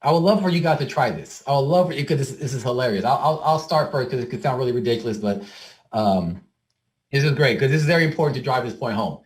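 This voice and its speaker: A man's voice: medium pitch, lively intonation, quick pace. A man giving a motivational talk to a group, addressing them directly in a casual, conversational way with the odd "um". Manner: conversational, addresses the audience directly, frequent "um" and repeats. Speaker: workshop speaker.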